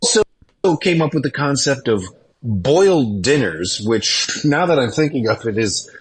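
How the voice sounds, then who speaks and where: A man's voice: medium pitch, lively intonation, moderate pace. A man calling in to a podcast, delivering a mock-indignant, wordy rant. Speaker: caller. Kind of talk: phoned-in comedic rant.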